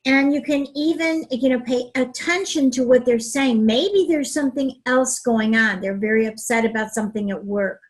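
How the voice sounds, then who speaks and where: Slow, husky-voiced woman giving advice. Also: fairly high pitch, poor audio. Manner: slow, calm and gentle. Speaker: relationship coach, co-host. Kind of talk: advice talk.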